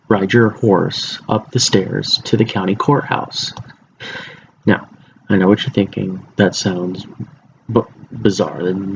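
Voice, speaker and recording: Low gravelly young man giving a speech. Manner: informal, with fillers and restarts. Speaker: student speaker. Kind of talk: informative class speech. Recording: muffled lo-fi recording with faint background hiss.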